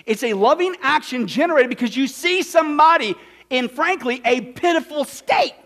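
A high-pitched preacher from Kansas, USA, delivers a dramatic, expressive sermon at a moderate pace. He moves from loud, shouted bursts to quiet, hushed asides and acts out the characters in his story.

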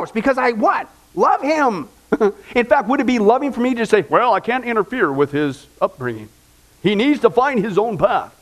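A middle-aged male pastor preaching a conversational sermon, asking the congregation rhetorical questions. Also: high-pitched.

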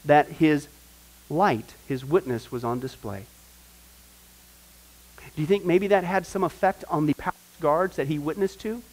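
A man teaching a discipleship Bible class in an animated way, firing off rhetorical questions. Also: high-pitched, poor audio.

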